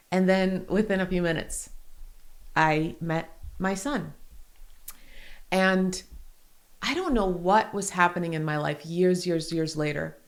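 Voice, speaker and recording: A woman's voice: mid-range voice, a bit bright. Earnest woman in her forties, podcast host. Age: 40s. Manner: earnest and open, quick laughs between heartfelt points. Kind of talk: candid podcast conversation.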